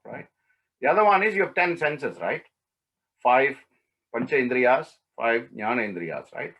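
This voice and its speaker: Husky man telling a scripture story. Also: mid-range voice, a bit bright, poor audio. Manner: acts out characters' lines in the retelling, often asks "right?". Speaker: spiritual teacher.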